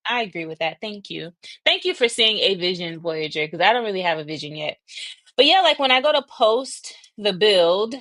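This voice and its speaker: A young adult woman hosting a casual livestream, chatty, thinking aloud and laughing often, a little breathy from asthma. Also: medium pitch, lively intonation, normal speed, a bit bright, no room sound. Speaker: livestream host.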